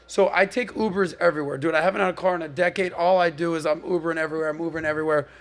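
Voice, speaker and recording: High, gravelly male podcast host. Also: very fast. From Miami. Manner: animated storyteller, emphatic, conversational. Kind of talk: casual panel discussion.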